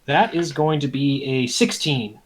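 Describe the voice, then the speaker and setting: A man of middle pitch, playing in a tabletop game. He speaks slowly and deliberately as he works out his character's attack. His ums fill the pauses. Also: noisy background. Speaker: player.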